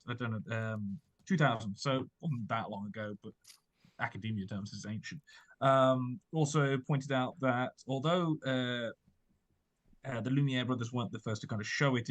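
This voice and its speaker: Casual podcast host, man, halting delivery full of ums and restarts. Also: medium pitch. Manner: hesitant, many fillers and restarts. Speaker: podcast host presenting research. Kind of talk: casual chat.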